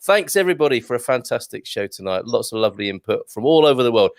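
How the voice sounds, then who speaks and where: A chatty man hosts a casual online show from home, reading viewer messages aloud and laughing easily. His voice is mid-pitched and sits close and dry on a video-call mic. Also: very animated, quick pace, no room sound. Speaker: host.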